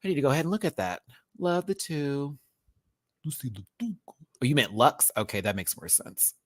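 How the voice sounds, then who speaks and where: A man's voice: on the high side, big pitch swings, moderate pace, no echo, clean studio sound. A man reviewing a drag competition show in a livestream, sassy and campy, full of slang and frequent laughter, talking straight to viewers. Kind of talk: casual livestream commentary.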